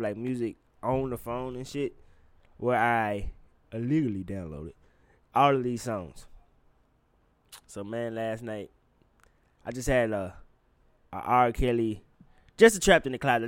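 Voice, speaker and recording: A man's voice: mid-range voice, no room sound. A man hosting a podcast in casual chat, blunt and profane, talking straight to his listeners. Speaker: podcast host.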